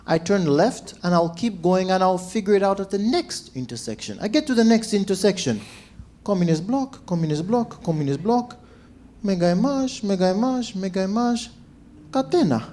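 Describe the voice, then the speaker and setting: A man, a stand-up comedian telling stories to a crowd and acting out shouts and quoted voices. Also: high-pitched, moderate pace. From Zambia. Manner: animated, acts out shouts and quotes. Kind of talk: stand-up storytelling.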